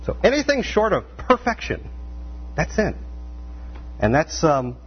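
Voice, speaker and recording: Man, preacher, lively delivery, conversational sermon; dull recording with a low hum. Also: unhurried, breathy edge. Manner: animated, acts out quoted voices, rhetorical questions. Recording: dull lo-fi sound with faint mains hum.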